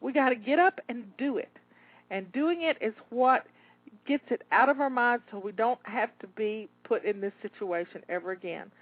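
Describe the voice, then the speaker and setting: Guiding listeners through their cleaning, a woman with an on-the-high-side voice speaks at a moderate pace, encouraging, coaxing, repeating herself, and slightly out of breath. She's a home organizing coach delivering a motivational pep talk over a dry, tinny, phone-like recording.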